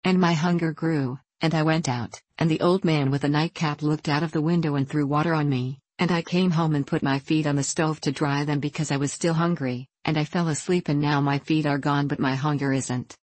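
A woman's voice: deep voice, steady tone, brisk, hardly any pauses, a little mellow, no echo. A woman reading the part of a hungry, complaining wooden puppet boy in an audiobook. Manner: pleading, complaining. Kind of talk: audiobook character voice.

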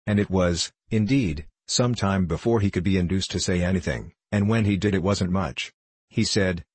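Deep husky male storyteller. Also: dry recording. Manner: measured, storytelling. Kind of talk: audiobook narration.

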